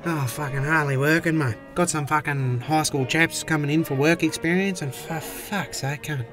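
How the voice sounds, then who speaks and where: A man voicing a crude, cheeky Australian bloke in a cartoon with a shrill, cockatoo-like voice, swearing constantly. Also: over music, close to an everyday voice. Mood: bickering. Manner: swears constantly, quick comebacks. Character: squawky wiry Aussie bloke, crude and cheeky. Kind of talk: animated cartoon voice acting.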